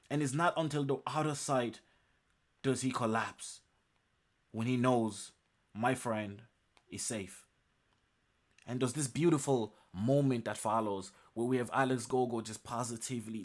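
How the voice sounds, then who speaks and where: Emphatic man recapping a webtoon chapter. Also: mid-range voice. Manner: emphatic, repeats phrases for emphasis. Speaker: webtoon reviewer.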